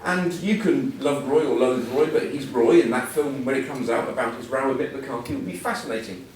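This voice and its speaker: A middle-aged man tells wry, self-deprecating stories in a chatty way while delivering an after-dinner-style motivational talk as a guest speaker. His voice is mid-range, a little fast, and a little mellow. He's recorded from far off in a large, echoey event hall with a faint hum, the audience laughing as he goes.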